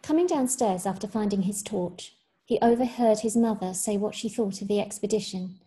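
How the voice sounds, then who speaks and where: A woman teacher reads a literary short story to her class, measured and expressive. Her voice sits at an ordinary pitch and sounds mellow and warm. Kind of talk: reading a short story aloud.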